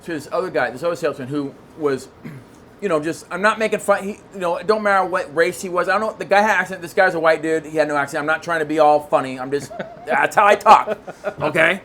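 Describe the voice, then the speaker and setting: A man who is a guest on a podcast, telling a long story in casual chat, excitable and rambling, with lots of restarts. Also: fairly high pitch, fast, slight background noise.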